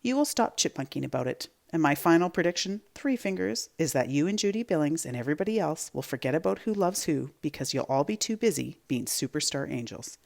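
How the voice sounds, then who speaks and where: A woman's voice: low voice, creaky. A woman reading aloud and voicing a playful, teasing mother comforting her young son. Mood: confident reassurance. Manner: teasing, quick-witted, lively.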